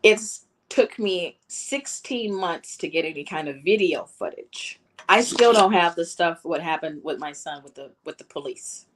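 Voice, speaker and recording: A middle-aged woman with a very low voice speaks in personal testimony, halting often with fillers. She is close to tears. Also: lively intonation. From Chicago, USA. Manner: halting, emotional, many fillers. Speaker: bereaved mother speaking at a town hall.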